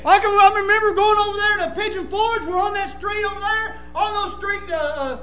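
A man preaching a sermon, impassioned and often breaking into shouts. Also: very high voice, steady tone, fairly quick, roomy sound.

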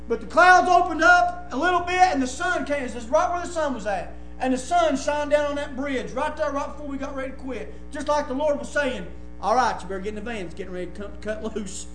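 A man preaching a sermon, impassioned and often breaking into shouts. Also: very high-pitched, reverberant.

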